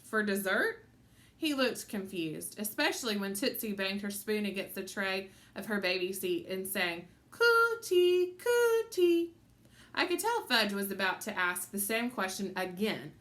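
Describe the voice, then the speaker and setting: A woman narrating a children's audiobook with an animated, expressive delivery. Her pitch moves freely up and down as she tells the story. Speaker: audiobook reader.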